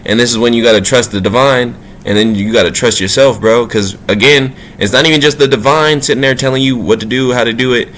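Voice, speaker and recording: A man talking casually and profanely about spirituality, in loose, slangy street talk that swings between low asides and high, emphatic bursts. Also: quick pace, few pauses, a bit bright, a little hiss or hum. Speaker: spiritual vlogger.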